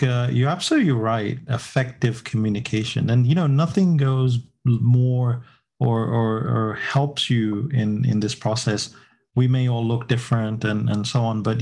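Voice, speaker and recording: A man's voice: medium pitch, gravelly, darkish tone. A man with an English accent moderating a panel discussion, hesitant and full of fillers and restarts. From England.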